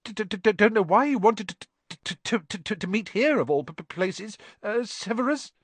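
A timid, jittery male teacher, played by a man in a storybook reading, stammering and tripping over every syllable. His voice pitches up high and thin. The recording is close and dry. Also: lively intonation, normal speed, dry recording. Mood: frightened stammer. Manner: stutters heavily, repeats syllables.

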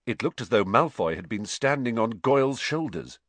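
A man reading a story aloud as an audiobook narrator, in a lively, dramatic storytelling manner. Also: mid-range voice, moderate pace, no room sound.

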